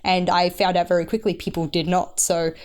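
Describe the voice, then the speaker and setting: A woman from North Queensland with a softened Australian accent, a guest chatting frankly and animatedly on a podcast. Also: on the low side, little pitch movement, fairly quick, clear, resonant tone. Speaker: esports analyst guest. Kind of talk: casual podcast chat.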